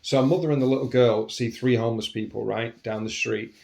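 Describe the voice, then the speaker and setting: A man's voice: mid-range voice, fairly even intonation, fairly quick, vocal fry, a little mellow. A man talking in a casual, reflective monologue as a podcast host, earnest and rambling, often restarting and saying "you know".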